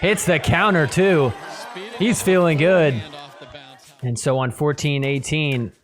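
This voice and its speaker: A man hosting a podcast, recapping a match in play-by-play commentary and getting loud and excited at the big points. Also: fairly high pitch, slow. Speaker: podcast host.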